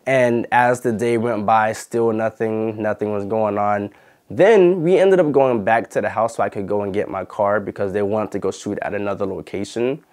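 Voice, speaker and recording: A man's voice: on the low side, moderate pace, a little mellow. A man hosting his channel, telling a personal story in a chatty way with lots of fillers. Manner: chatty, retells arguments, many fillers. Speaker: YouTube channel host. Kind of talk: casual storytime vlog.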